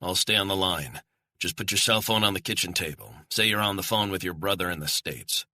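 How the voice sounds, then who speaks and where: A man's voice: deep voice, fairly quick, bright, forceful tone, no room sound, studio quality, pitched above the performer's own voice, full character voice. A man narrating an audiobook, voicing a blunt male covert handler who gives clipped orders over the phone. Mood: tense, blunt.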